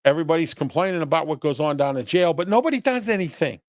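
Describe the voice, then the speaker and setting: A man's voice: on the high side, lively intonation, fast, dry recording, clean studio sound. A man hosting his own commentary show, scolding his audience bluntly with rhetorical questions and repeated "okay?", often rambling. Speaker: host of a local commentary show. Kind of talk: opinion commentary, reading viewer chat.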